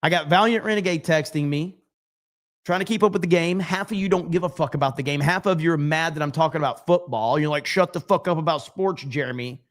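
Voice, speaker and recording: Man, livestream host, somewhat high voice, loose profane chatter, reads comments aloud. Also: a little fast. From United States. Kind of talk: casual livestream chat reading comments.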